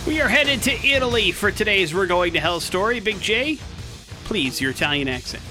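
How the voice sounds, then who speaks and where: A man's voice: sits high, normal speed, soft background music. A young man hosting a morning radio show, joking with his co-host and running a call-in contest. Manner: energetic, joking, talks listeners through a contest. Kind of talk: casual radio banter.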